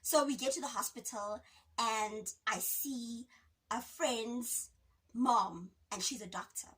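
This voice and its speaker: A young South African woman with a high, bright voice tells a story to camera in a dramatic, expressive way. She acts out other people's quotes with sudden jumps in pitch. The mic sits a little way off. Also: slow, breathy edge. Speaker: YouTuber. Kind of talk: animated storytime vlog. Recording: voice a bit distant from the mic.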